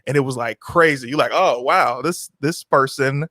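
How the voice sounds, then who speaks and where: A man hosting a live streamed talk show, upbeat, asking his guest questions and making quick asides to the chat. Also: medium pitch, pushed and bright, no echo, clean studio sound. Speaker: host.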